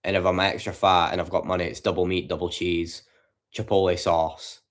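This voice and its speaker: A man's voice: low voice, little pitch movement, fairly quick. A man chatting casually and profanely with his livestream audience from home at night. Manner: profane, rambling banter with chat.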